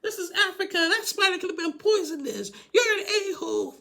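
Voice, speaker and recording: A woman's voice: very high voice, very animated, brisk, creaky, pushed and bright, pitched above the performer's own voice, exaggerated voice. A man putting on the voice of a panicked woman screaming about a spider. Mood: shrieking. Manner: screaming, frantic.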